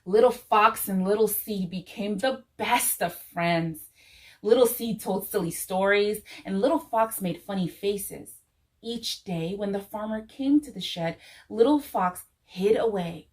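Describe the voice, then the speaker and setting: A woman reading a children's story aloud in church, gentle and expressive, returning to a soothing refrain. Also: medium pitch, unhurried, rough recording.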